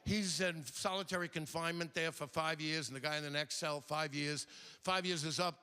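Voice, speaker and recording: An older man doing a stand-up routine on a theater stage, animated and slipping into quick impressions of other people. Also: a little high, smooth. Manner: animated, mimics characters in quick asides. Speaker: stand-up comedian. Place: theater stage before a live audience.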